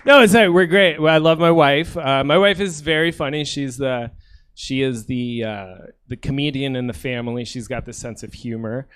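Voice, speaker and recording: A man's voice: medium pitch, moderate pace, hardly any pauses, fairly bright tone, smooth. A man in his thirties from Ukraine doing a stand-up set on a comedy theater stage, joking with apologetic, self-deprecating asides. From Soviet Union, Ukraine.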